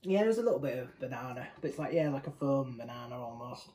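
A man's voice: mid-range voice, expressive, fast talker, dark tone, poor audio. A young man from the UK giving a casual, rambling beer tasting review, often correcting himself mid-sentence. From United Kingdom. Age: young adult. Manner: chatty, rambling, self-correcting.

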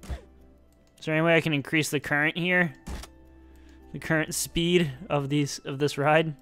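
A man's voice: a little high, fairly even intonation, measured pace, a bit bright, smooth, faint music behind. A young man giving casual, self-mocking commentary while playing a building game, talking to himself as he works. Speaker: let's-play gamer.

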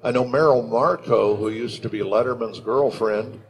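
An older man speaks into a handheld mic at a convention panel, his voice gravelly and worn. He tells stories with animation and slips easily into announcer tones. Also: medium pitch, moderate pace, poor audio. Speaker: voice actor and panel guest. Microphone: handheld microphone.

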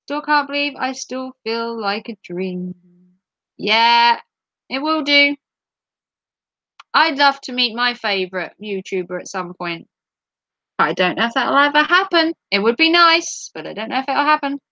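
Woman from norfolk live streaming, chatty and playful, bright voice, kinda muffled dry sound. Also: on the high side, animated, unhurried, no room sound. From Norfolk, England. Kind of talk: casual live-stream chat.

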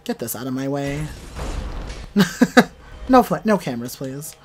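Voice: medium pitch, fairly quick, slight background noise. Playful chatty gamer commentating a let's play. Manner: playful, chatty, talks back to game characters; excitable outbursts and shouts during fights. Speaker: gaming channel host.

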